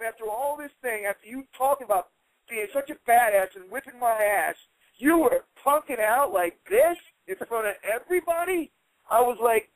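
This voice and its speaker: High-pitched, animated middle-aged man. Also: normal speed, no echo, rough recording. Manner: animated, heated retelling. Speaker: interview guest. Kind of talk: casual storytelling.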